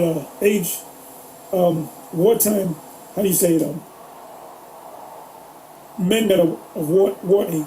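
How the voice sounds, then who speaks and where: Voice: mid-range voice, mellow, slight background noise, rough recording. A co-host talking casually about politics, rambling, swearing and fumbling for words. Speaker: podcast co-host.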